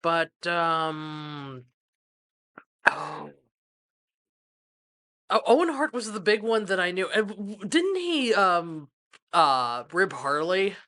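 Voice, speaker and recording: A woman co-hosting a podcast, speaking hesitantly with many pauses and fillers. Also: lowish voice, animated, sharp tone. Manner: slow, hesitant, lots of ums. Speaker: podcast co-host. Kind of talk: casual chat.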